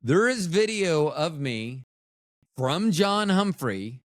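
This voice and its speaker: A man's voice: on the high side, big pitch swings, takes it slowly, no echo, clean studio sound. A man hosting a casual solo podcast, rambling and joking at his own expense. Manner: rambling, joking, self-mocking. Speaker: podcast host.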